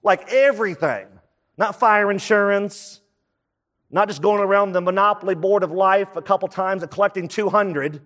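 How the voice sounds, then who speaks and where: A man's voice: high-pitched, fairly bright tone. Preaching man in a reverberant hall. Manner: conversational preaching with quick asides. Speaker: pastor. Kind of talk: sermon.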